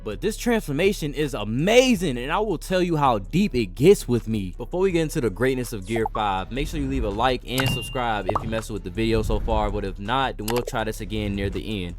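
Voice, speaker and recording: A young man hosting an anime commentary channel, narrating a scripted video essay in a casual, enthusiastic way with slangy asides. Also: medium pitch.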